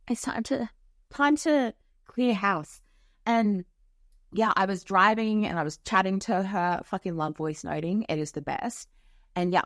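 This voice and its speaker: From her home office, a woman with a medium-pitched voice hosts a podcast as a spiritual coach. Her casual monologue is frank and profane, packed with swearing and "like" fillers, and the sound is studio quality with no room sound.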